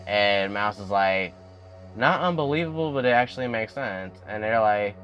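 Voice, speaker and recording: Lively man recapping a show. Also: moderate pace, highs cut off, soft background music. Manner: animated, addresses viewers as y'all, swings up in pitch when excited. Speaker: YouTube recap host. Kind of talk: casual episode recap.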